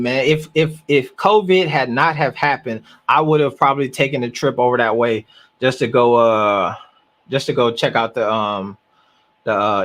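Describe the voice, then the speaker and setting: A man hosting a live reaction stream, talking emphatically and repeating words as he works through his thoughts. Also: mid-range voice. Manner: animated, emphatic, repeats words while thinking.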